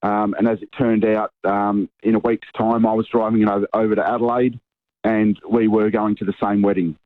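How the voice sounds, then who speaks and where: A man's voice: on the low side, flat delivery, brisk, dry recording. A man calling in to a radio show, telling a story hesitantly with many ums. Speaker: caller. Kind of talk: phone-in story. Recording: phone line.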